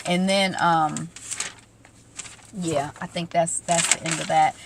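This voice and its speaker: A woman's voice: fairly low pitch, level tone, measured pace, gravelly, a little hiss or hum. A young adult woman casually retelling a reality show episode, acting out quotes with lots of ums and asides. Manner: chatty, acts out quotes, many ums. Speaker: recap vlogger. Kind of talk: casual TV recap chat.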